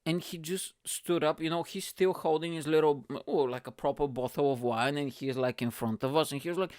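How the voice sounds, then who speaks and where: A man's voice: on the high side, a little fast, few pauses, a little mellow, dry recording, studio quality. A man hosting a podcast, telling a story in a rambling, profane way with frequent laughs. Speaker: podcast host. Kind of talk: casual storytelling.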